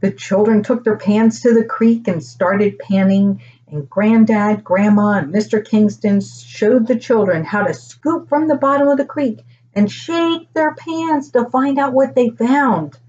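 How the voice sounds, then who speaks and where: An older woman reading a children's storybook aloud, animated as she voices the grandchildren and grandparents. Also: a little slow, dull audio. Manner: animated, pitching up for children's lines.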